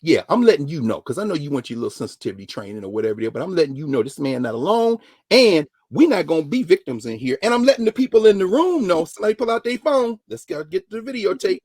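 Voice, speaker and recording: A middle-aged man, a professor telling a story dramatically, dropping to a hush and rising to shouts as he quotes people. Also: on the high side, very animated, fast talker, hardly any pauses, breathy edge, no echo, studio quality. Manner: dramatic retelling, voicing others in quotes, swinging from hushed to shouting. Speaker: professor and regular guest. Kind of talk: animated storytelling lesson.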